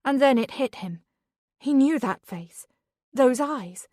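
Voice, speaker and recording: Brief: female audiobook narrator, steady and measured, dead-dry studio read. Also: sits high, no echo. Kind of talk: scripted narration.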